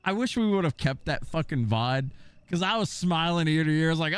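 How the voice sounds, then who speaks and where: A young man streaming and chatting with viewers, telling stories in a profane, animated way and slipping into mocking impressions. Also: on the high side, brisk, no room sound. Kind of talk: casual chat with stream viewers.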